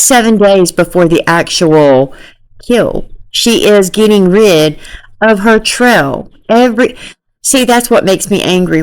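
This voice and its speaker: A woman talks through a true crime case in casual commentary, unhurried and deliberate. Her low-set voice swings widely in pitch as she sounds incredulous and exasperated, leaning hard on her points. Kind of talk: casual commentary reacting to a clip.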